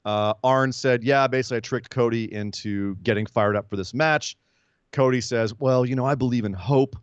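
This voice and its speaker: A man's voice: mid-range voice, normal speed, smooth, no room sound. A man co-hosting a podcast, recapping wrestling in casual chat and acting out what people said. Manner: animated storytelling, acts out quotes in silly voices. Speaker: podcast co-host. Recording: dull lo-fi, dry sound.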